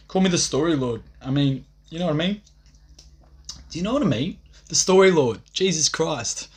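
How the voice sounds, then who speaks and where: A man's voice: on the high side, animated, moderate pace, pauses often. A young man ranting on a livestream, boastful and profane, rambling from one thought to the next.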